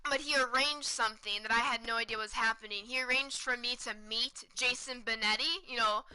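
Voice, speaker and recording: Young woman streamer, bright clear voice, chatty excited storyteller, slightly high. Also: rough recording. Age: 20s. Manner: excited, chatty, repeats words for emphasis. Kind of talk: casual storytelling to stream chat.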